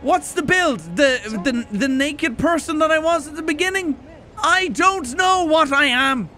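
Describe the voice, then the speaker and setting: A young man streaming a video game, panicking, shouting and swearing at his chat as he plays. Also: very high-pitched, a little slow, soft background music. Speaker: gaming streamer. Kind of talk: live gameplay commentary.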